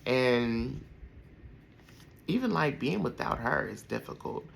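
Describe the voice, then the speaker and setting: A man's voice: medium pitch, big pitch swings, slow, creaky, a little hiss or hum, rough recording. A man in his thirties hosting a podcast, telling a heartfelt personal story in a rambling way with many fillers. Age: 30s. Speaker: podcast host.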